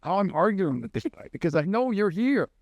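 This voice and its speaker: A man with a notably high voice tells long, rambling stories as a comedy podcast host. The sound is dry and close, with no room echo. He talks loosely, in casual chat. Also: very animated, fairly quick, muffled recording. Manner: rambling anecdotal storyteller.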